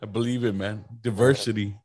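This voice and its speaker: A man's voice: lowish voice, steady tone, fairly quick, darkish tone. A man hosting a podcast in a casual chat, laid-back, slangy, and profane. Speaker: podcast host.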